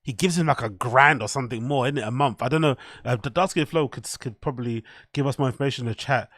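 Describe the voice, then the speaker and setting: A man's voice: medium pitch, fast talker, a bit bright, no room sound, studio quality. A man, commenting to his chat on a live stream in a rambling, profane way.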